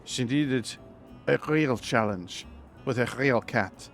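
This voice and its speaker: A man voicing a fussy, protective big-brother bird with a mock French accent and a soft, slightly effeminate delivery. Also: medium pitch, slow pace, faint music behind.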